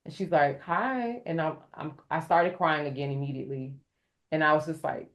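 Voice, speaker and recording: Tamu wanita, suara agak rendah, bercerita hidup dengan menirukan ucapan orang lain. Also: female voice, sits low, normal speed. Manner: animated, raising her voice to act out quoted speech; addresses listeners as "y'all". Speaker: podcast guest. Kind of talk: storytelling in an interview.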